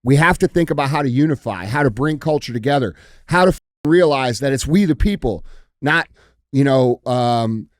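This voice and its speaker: A man's voice: medium pitch, a little fast, no echo, studio quality. A man co-hosting a podcast in casual, blunt talk, dropping "bro" and swearing. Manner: blunt, profane, says bro and dude. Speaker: podcast host.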